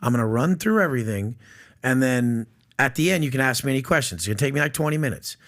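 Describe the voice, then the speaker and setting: A man's voice: mid-range voice, animated, quick pace, fairly bright tone. A man talking bluntly and profanely as a guest on a podcast. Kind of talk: casual podcast chat.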